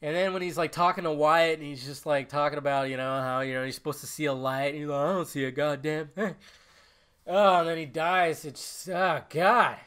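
A man's voice: a little high, steady tone, brisk, hardly any pauses, fairly bright tone, clean tone. A young man hosting a casual solo podcast, rambling and emotional, cursing often as he talks. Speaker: podcast host.

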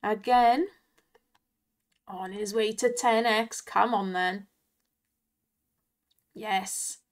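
A woman's voice: mid-range voice, steady tone, very slow. A Welsh woman hosting an online slots video, chatting casually and laughing often as she cheers on the spins. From Wales. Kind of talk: casual chat and commentary over gameplay.

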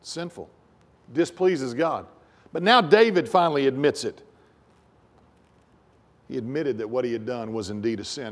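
A male pastor preaches a sermon, swelling into emphatic raised phrases and then dropping low and soft, often repeating words along the way. His voice has a creaky quality.

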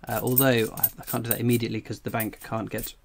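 A man's voice: medium pitch, little pitch movement, quick pace, vocal fry, slight background noise. A man hosting a casual coin-collecting livestream. He reads chat messages aloud and rambles in a jokey way, jittery from strong coffee. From England.

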